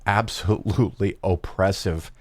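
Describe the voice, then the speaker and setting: A man's voice: low voice, measured pace, no room sound. A man hosting a show, chatting casually and rambling with lots of fillers and restarts. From Chicago area, United States. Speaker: podcast host. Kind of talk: casual chat.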